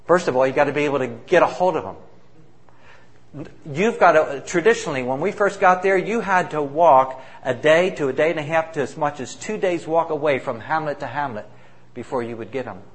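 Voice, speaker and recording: A missionary with a slightly high voice, speaking at normal speed, shares spoken testimony about the people he works with. He tells the stories animatedly and emphatically, acting out the voices of those he quotes.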